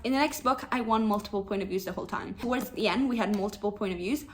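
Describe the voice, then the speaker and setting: A young woman chatting casually about books she loved, expressive and gushing, swearing freely. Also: medium pitch, quick pace, a little hiss or hum, poor audio. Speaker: book vlogger. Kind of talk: casual book review chat.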